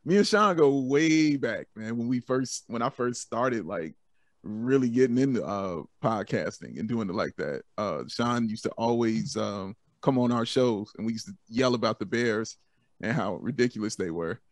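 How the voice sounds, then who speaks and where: A man's voice: mid-range voice, lively intonation, moderate pace, no echo. Upbeat laughing man, dry close sound. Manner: upbeat, laughs often, says "man" a lot. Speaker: guest podcaster. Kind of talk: casual chat.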